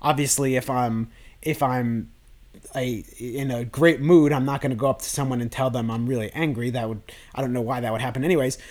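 A man's voice: mid-range voice, steady tone, fairly quick, a little mellow. A man hosting a self-improvement podcast, talking through his thoughts in a loose, rambling way with many restarts. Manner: rambling, with frequent restarts and fillers. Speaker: podcast host.

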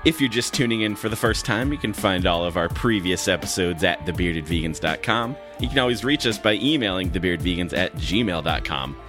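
A man co-hosting a podcast in casual chat, relaxed and chatty, sounding freshly woken with a morning voice. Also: deep voice, a little fast, few pauses, music in the background. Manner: relaxed, chatty, laughs easily. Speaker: podcast co-host.

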